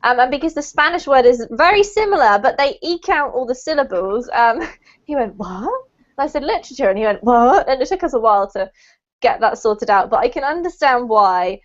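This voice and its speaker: A woman's voice: high-pitched, animated, brisk, dull audio. British woman teaching pronunciation online. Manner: chatty, encouraging, with frequent ums and laughs. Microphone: video call.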